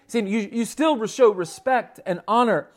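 A man's voice: high voice, normal speed. A man preaching a sermon from the United States, earnest and emphatic, reading scripture aloud and restarting phrases as he presses his points. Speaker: pastor.

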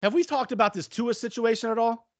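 A man's voice: very high-pitched, fast talker, no room sound. A man co-hosting a casual sports podcast, talking bluntly and with lots of profanity as he rants about football. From New Orleans area. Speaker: podcast co-host.

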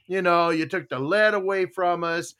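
A middle-aged man from Tucson hosting a podcast in casual chat, telling animated stories and acting out quoted voices. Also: high-pitched, normal speed, clean tone. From Tucson, Arizona. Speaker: podcast host.

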